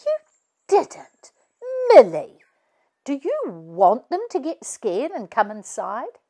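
Woman voicing an animated mum, lively swooping voice, storybook. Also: a little high, a little slow, exaggerated voice. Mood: scolding. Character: lively storytelling mother of many.

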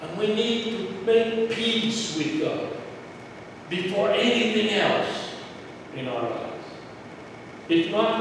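A man preaching a sermon as pastor, earnest, often repeating phrases and restarting sentences. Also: high-pitched. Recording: echoey hall, distant mic, faint noise.

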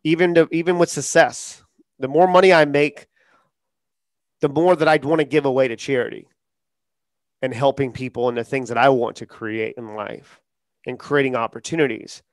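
A man talking casually as a podcast guest, acting out quotes in lively storytelling. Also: mid-range voice, normal speed, long pauses, dry recording, clean studio sound. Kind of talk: casual interview talk.

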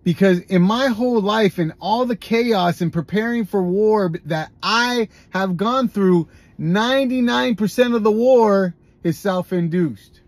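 A man's voice: sits high, unhurried, few pauses, no echo. A man hosting a podcast, talking candidly in a confessional monologue with frequent restarts. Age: adult, has a grown son. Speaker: podcast host. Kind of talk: personal monologue about recovery.

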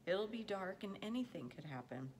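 A woman reading the part of a worried country mother who speaks in a soft, pleading way. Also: mid-range voice, lively intonation, moderate pace, in a large hall, a little hiss or hum, voice pushed up, close to an everyday voice. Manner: pleading, softly anxious.

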